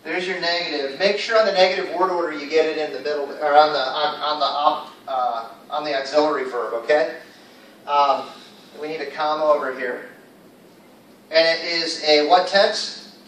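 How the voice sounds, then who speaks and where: A man's voice: a little high, moderate pace, a bit bright, slight background noise. A man teaching an English class in a casual, upbeat way, quizzing his students. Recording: echoey room, far from mic.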